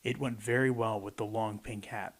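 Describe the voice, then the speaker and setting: A man's voice: fairly low pitch, steady tone, moderate pace. A man reading a rhyming picture book aloud and adding playful commentary between the pages. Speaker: storybook reader. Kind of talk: picture book read-aloud with chatty asides.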